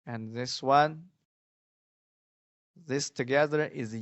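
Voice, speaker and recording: A man teaching Mandarin tones, speaking haltingly with many fillers and repeated words, and saying example sounds out loudly. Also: mid-range voice, fairly even intonation, no room sound, dull audio. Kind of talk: language lesson.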